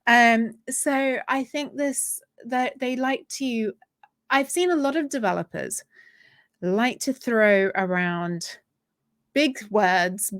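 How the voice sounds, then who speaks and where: A woman's voice: medium pitch, no echo, studio quality. Chatty woman on a video call. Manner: chatty, self-deprecating, laughs often. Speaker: guest. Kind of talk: casual chat.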